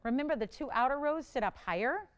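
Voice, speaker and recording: Female shopping-channel host, bright and chatty sales patter, slightly higher voice, smooth and clear. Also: animated, fast talker. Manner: chatty, enthusiastic, talks to callers and crew. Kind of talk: live jewelry sales pitch. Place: TV studio.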